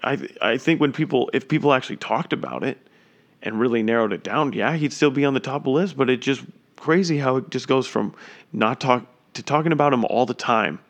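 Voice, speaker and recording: A man talking through a live basketball game as a fan. His voice sits at an ordinary middle pitch, and he rambles casually between plays. At big moments he breaks into excited shouts. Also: brisk. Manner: excitable, chatty, bursts into loud exclamations. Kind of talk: casual live play-by-play watch-along.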